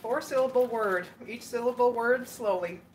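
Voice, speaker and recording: A Canadian woman with a higher voice chats casually as she cooks, greeting her viewers by name and laughing often. Her talk is loose and conversational, and a faint hiss sits under the recording. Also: moderate pace. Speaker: cooking livestream host. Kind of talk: casual chat while cooking.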